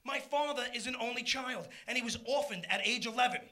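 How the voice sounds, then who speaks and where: A middle-aged man doing a live stand-up routine, punchy and loud, shouting his punchlines. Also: very high voice, fairly quick. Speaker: stand-up comedian.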